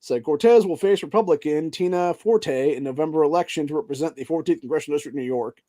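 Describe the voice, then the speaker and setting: A man's voice: on the high side, quick pace. A male podcast host who reads news articles aloud and breaks into angry, profanity-filled rants, ending his sentences with "dude.". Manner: heavy profanity, keeps tacking "dude" onto sentences; angry, heated tirades between flat read-outs. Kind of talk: reading news articles aloud and ranting over them.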